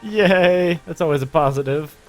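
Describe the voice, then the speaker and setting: A man's voice: a little high, normal speed, faint music behind. Playful man gaming with friends. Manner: playful, hums and laughs, excitable squeals. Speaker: gamer playing co-op. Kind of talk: casual gameplay chat.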